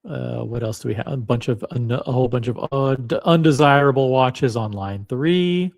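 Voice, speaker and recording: Hosting his watch channel, a man shares his screen casually and reads listings aloud with a wry, musing air as he browses. He speaks at a moderate pace in a mid-range voice marked by vocal fry.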